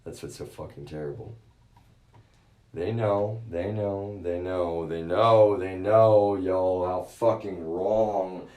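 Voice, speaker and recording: Man ranting profanely in an echoey room. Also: slow pace. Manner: profane, repetitive, swings from low muttering to shouting. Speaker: streamer. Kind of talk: live-stream rant.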